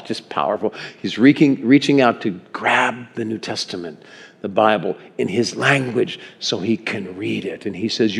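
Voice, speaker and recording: A male pastor preaching a sermon in a church, animated and chuckling, calling for amens from the congregation. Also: lowish voice, vocal fry, breathy edge. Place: church sanctuary. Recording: long reverb in a church hall.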